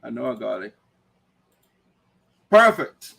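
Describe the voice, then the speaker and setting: A man's voice: medium pitch, sing-song, slow pace, creaky, fairly bright tone, husky. A man hosting an online talk show, lecturing emphatically in livestream commentary. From Liberia.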